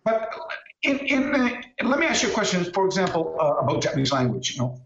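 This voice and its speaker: A man in his sixties telling a story as an interview guest, animated and restarting often, on a video call. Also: sits high, fast, gravelly, a little hiss or hum. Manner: animated, acts out quoted voices, many restarts. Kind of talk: casual anecdotal storytelling. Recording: echoey room, dull lo-fi call audio.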